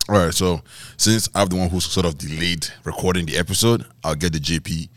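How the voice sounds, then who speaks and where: Low-voiced man hosting a podcast. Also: brisk, dry recording. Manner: laughs often, repeats words while searching for them. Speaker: podcast host. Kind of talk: casual chat.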